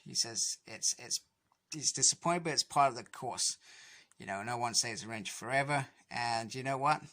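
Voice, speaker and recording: A man's voice: medium pitch, normal speed, bright, forceful tone. A young man casually recapping a comic book issue, rambling with lots of "anyway" and fillers.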